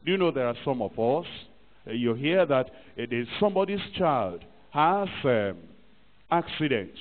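A man's voice: mid-range voice, animated, normal speed, slight background noise. A man preaching a sermon emphatically and acting out little scenes from church life. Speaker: pastor. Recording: tinny archive recording in a reverberant hall.

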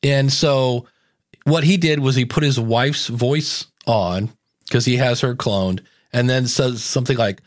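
A man hosting a casual podcast chat, telling stories in a lively way and acting out what people said. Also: medium pitch, a little slow, dry recording, clean studio sound. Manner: lively storyteller who acts out quoted remarks. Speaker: podcast host.

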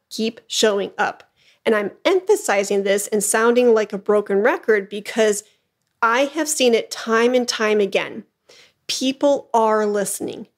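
A woman hosting her own podcast, coaching listeners in an encouraging, emphatic way and often checking in with "okay?". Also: a little high. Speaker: podcast host, flute business coach. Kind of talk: motivational solo podcast talk.

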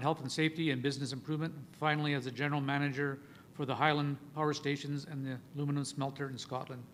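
Slightly high-voiced man introducing speakers. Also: a bit bright, a little hiss or hum. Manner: reads bios with small stumbles. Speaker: session chair.

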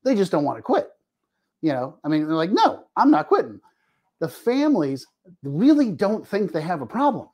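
A middle-aged man who works as a family addiction therapist shares candid personal stories in a podcast interview, speaking at a normal speed in a voice on the high side. He is animated, acts out the people and dialogue he quotes, and often restarts his sentences.

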